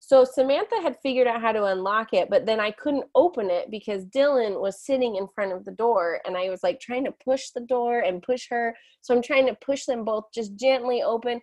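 Animated woman telling a family story. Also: a little high, a little fast, few pauses. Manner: animated, laughing, acts out quotes. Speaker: guest. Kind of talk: storytelling in conversation.

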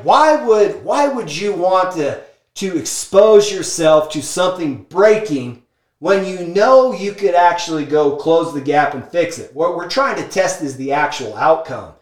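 A man telling a business story in an energetic, emphatic monologue, peppering his talk with "like" and "okay?". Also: sits high. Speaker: speaker sharing business lessons from a book. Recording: echoey room.

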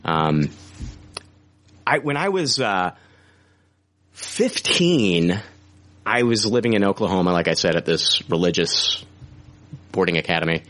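A man in his forties hosts a casual podcast chat in a lowish voice. He rambles with lots of fillers and swears freely. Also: expressive, a little slow, pauses often, fairly bright tone. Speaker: podcast host.

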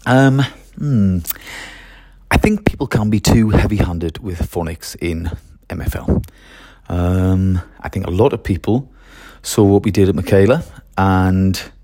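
A man's voice: sits low, vocal fry, dark tone, no room sound, clean studio sound. A man who teaches French, talking through his methods in a chatty solo podcast, with fillers and restarts.

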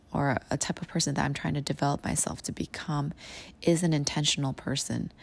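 A woman in her thirties hosting a podcast, reflecting unscripted in a thoughtful, halting way with a low morning voice. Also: creaky, a little mellow. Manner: thoughtful, halting, many ums. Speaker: podcast host.

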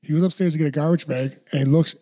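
A man chatting casually as a podcast co-host, telling animated stories full of fillers. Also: a little high, fast talker. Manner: animated storyteller, lots of fillers. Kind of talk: casual chat.

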